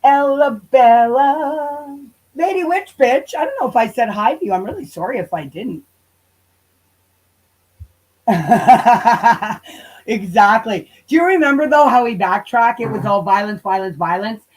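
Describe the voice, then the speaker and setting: A woman's voice: mid-range voice, expressive, measured pace, long pauses, husky, rough recording. A woman livestreaming on her channel, ranting in a casual, profane and heated way and now and then drifting away from the mic. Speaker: YouTube livestreamer.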